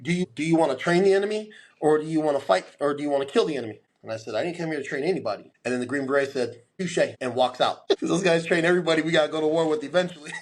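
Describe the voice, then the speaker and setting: A man in his forties tells his story as a guest on a talk podcast. His voice sits a bit high for a man, and he slips into the voices of the people he quotes. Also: rapid-fire, slight background noise. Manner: animated storyteller, acts out quoted dialogue.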